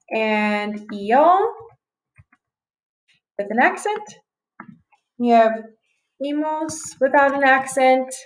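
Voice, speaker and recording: A young woman teacher records a relaxed tutorial while typing notes on screen. Her voice sits a little on the high side, and she talks casually, catching and fixing her own slips as she goes. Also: poor audio.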